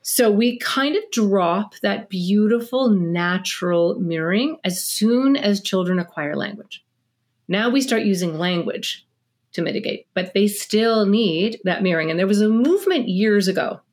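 Energetic middle-aged woman explaining. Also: medium pitch, unhurried. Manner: acts out parent-child scenes. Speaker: parenting expert guest. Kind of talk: podcast interview.

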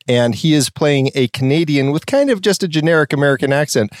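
A man's voice: fairly high pitch, animated, a little fast, dry recording, studio quality. A man co-hosting a casual movie podcast, chatty and self-deprecating, sometimes reading lines from his notes. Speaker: podcast co-host.

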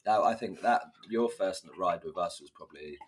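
A man in casual chat, telling animated stories with lots of fillers and bursts of loud laughter. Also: deep voice, normal speed, husky.

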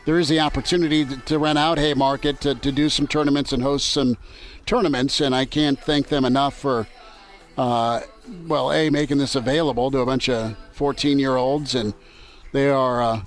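A man's voice: medium pitch, fairly even intonation, fairly quick, faint music behind. A man hosting sports talk radio from a ballpark, bantering in a loose, joking way. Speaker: radio show host. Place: outdoors at a ballpark.

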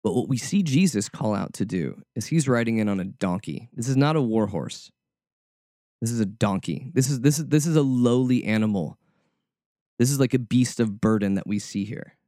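A man's voice: medium pitch, expressive, moderate pace, warm tone, no room sound, clean studio sound. A male preacher giving a conversational sermon, informal and often repeating words as he searches for the next one.

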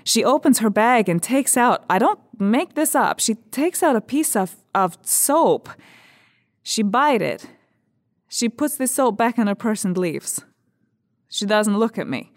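An actress playing a blunt, matter-of-fact young Estonian immigrant woman in a radio drama, speaking halting, broken English with an Estonian accent and searching fillers. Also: on the high side, very animated, no echo, clean studio sound.

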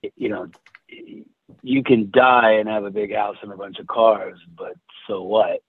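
A man telling a personal story in casual chat, halting and restarting often. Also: on the low side, fairly even intonation, dry recording. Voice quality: husky, halting with many restarts. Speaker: guest. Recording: tinny phone-like sound.

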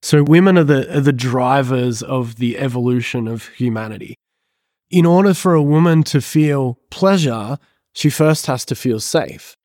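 A man speaking as a counsellor on a podcast, earnest and excitable as he explains. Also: medium pitch, moderate pace, no room sound, clean studio sound. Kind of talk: podcast discussion.

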